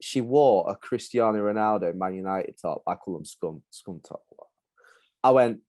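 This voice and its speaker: A man's voice: lowish voice, moderate pace, darkish tone. A man hosting a podcast, chatting in an upbeat, matey way, with a mixed Midlands and Yorkshire accent from growing up in Lincolnshire. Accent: mixed English Midlands and Yorkshire. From Lincolnshire, England. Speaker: podcast host. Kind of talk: casual chat.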